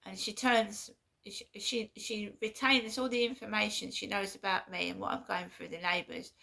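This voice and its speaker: A woman vlogging in a casual monologue, halting and repeating herself with an aggrieved tone. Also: medium pitch, steady tone, creaky, bright, forceful tone.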